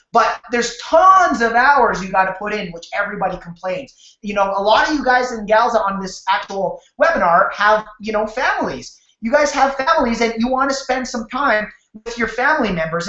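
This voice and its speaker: A man from Canada hosting a sales webinar over a video call, telling his story in an energetic, repetitive way and talking straight to his audience. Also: high-pitched. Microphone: webcam or computer mic on a video call. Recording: roomy, dull lo-fi webcam audio.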